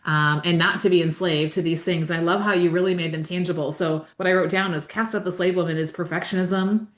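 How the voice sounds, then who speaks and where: A woman host leads a faith-based podcast conversation with bright enthusiasm, piling on affirmations. Her voice sits a touch low for a woman. It carries a noticeable roomy echo. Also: steady tone, fairly quick. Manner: enthusiastic and affirming, gushes praise.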